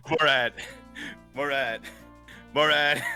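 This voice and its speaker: Frantic gamer guy, panting and cursing, bright swinging voice, light music under. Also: a little high, drawn-out words. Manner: frantic, swearing, breathless excitement. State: out of breath. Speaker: player. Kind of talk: live-streamed tabletop game.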